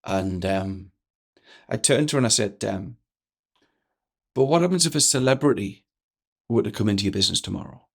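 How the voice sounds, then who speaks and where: Energetic man telling a story. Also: lowish voice, normal speed, gravelly, pauses often. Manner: energetic, acts out quoted dialogue. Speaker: guest speaker. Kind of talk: animated storytelling in a podcast interview.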